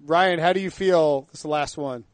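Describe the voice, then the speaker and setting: A man hosting a sports podcast, joking and tossing quick questions to his co-hosts. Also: fairly high pitch, dry recording. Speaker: podcast host. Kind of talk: casual sports talk.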